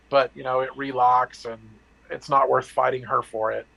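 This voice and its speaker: Gravelly, husky man telling his story. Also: medium pitch, fairly even intonation, sharp tone, poor audio. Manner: blunt and profane, reenacting dialogue; halting with restarts and fillers. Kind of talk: candid personal storytelling.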